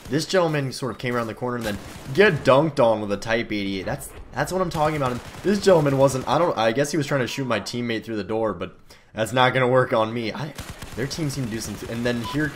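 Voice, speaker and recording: A man's voice: mid-range voice, a little fast, a little hiss or hum. A teenage boy giving casual, rambling, self-deprecating commentary over gameplay. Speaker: gaming commentator. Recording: game gunfire loud behind. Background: video game gunfire.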